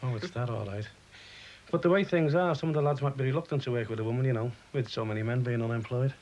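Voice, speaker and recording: An actor playing a factory worker who speaks in a teasing, patronizing way. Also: male voice, mid-range voice, fast, a little mellow, highs cut off, lightly acted. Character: shop-floor worker man, wry and skeptical. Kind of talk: TV drama acting.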